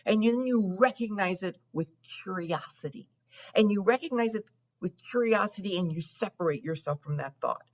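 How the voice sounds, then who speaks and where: A middle-aged woman, a wealth coach, explaining her method in a steady teaching tone as a podcast guest. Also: mid-range voice, moderate pace. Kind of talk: podcast interview.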